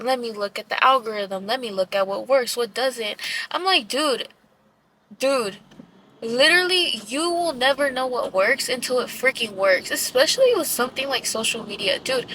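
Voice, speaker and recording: A woman's voice: fairly high pitch, pushed and bright, a little hiss or hum, low-quality recording. A woman in her twenties venting in a candid vlog, rambling and emotional, swearing casually and filling her talk with "dude" and "like". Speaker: vlogger. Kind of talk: candid talking-to-camera vlog.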